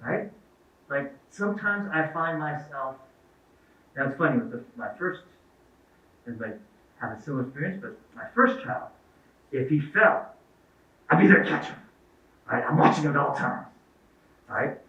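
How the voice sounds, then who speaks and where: This middle-aged guest speaker tells parents anecdotes in an event hall, acting out the dialogue within them. His voice is a little high, animated, and fairly bright, at a moderate pace with frequent pauses. Audio is echoey, distant, and lo-fi like a phone.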